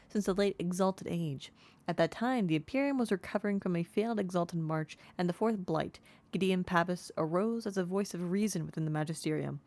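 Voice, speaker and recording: This woman has a fairly low, darkish voice and a brisk delivery. She's streaming a game, chatting casually, reading the in-game text aloud and sounding out words she doesn't know.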